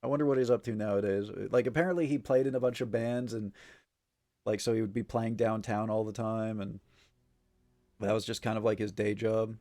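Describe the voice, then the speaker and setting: A man's voice: lowish voice, fairly even intonation, fairly quick, dark tone. Rambling, filler-heavy male streamer. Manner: rambling, filler-heavy, swears often and laughs easily. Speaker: livestreamer. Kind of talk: casual chat with stream chat.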